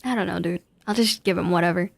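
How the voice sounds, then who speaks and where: A woman's voice: on the low side, fast talker, vocal fry, no room sound. A young woman giving casual, giggly gameplay commentary with a playful, self-mocking manner. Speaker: streamer.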